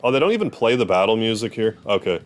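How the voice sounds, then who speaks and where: A man's voice: fairly low pitch, big pitch swings, fast, faint music behind. A man streaming a video game, joking and rambling through casual commentary. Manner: joking, self-deprecating asides.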